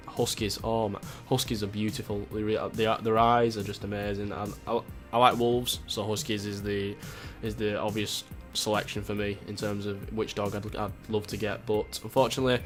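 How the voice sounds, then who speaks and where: A man in his twenties from Greater Manchester, with a local accent tinged with Yorkshire, chatting through viewer questions in a rambling, jokey, sweary way. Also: on the low side. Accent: Greater Manchester with a touch of Yorkshire. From Greater Manchester, England. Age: 20s. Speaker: YouTuber answering viewer questions. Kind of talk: casual Q&A vlog.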